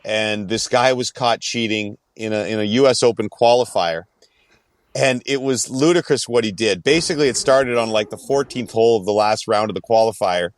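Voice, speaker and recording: A man's voice: fairly low pitch, moderate pace, no echo. A man co-hosting a podcast, telling long rambling stories in casual chat with many fillers. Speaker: podcast co-host.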